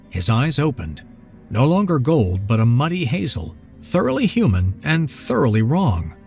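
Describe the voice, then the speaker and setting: A man narrating a scripted fantasy story in a measured, dramatic manner. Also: mid-range voice, huge pitch swings, vocal fry. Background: soft background music.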